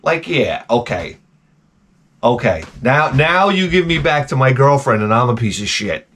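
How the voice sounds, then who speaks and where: Animated guy ranting. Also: mid-range voice, measured pace. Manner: profane, animated, jumps between tangents. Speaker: vlogger. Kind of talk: rambling comic rant.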